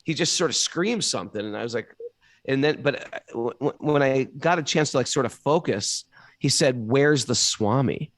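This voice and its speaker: A man's voice: mid-range voice, a little fast. A middle-aged man from New York with a New York accent, telling stories in a casual, colorful way, swearing lightly and acting out the quotes. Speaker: guest storyteller. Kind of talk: casual anecdotal storytelling.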